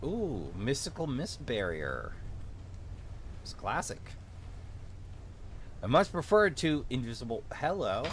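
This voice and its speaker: A man giving casual let's play commentary, quietly muttering asides as he reads game menus. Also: mid-range voice, very animated, slow, pauses often, slight background noise.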